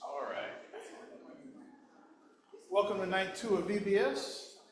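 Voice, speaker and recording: Man teaching in a booming echoey hall. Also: animated, slow, crowd noise. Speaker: Bible class teacher. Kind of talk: casual classroom teaching. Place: large church hall.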